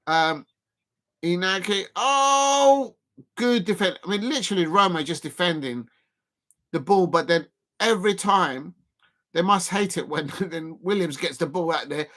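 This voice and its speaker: A streamer talks through a football match live for viewers, drifting between loose chat and quick corrections. The voice sits at a middling pitch, full of ums and laughs. It jumps into loud excited cries whenever a goal nearly goes in. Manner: rambling and self-correcting, full of fillers and laughs; bursts into excited shouts at near misses. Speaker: football watch-along streamer. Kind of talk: casual live watch-along commentary.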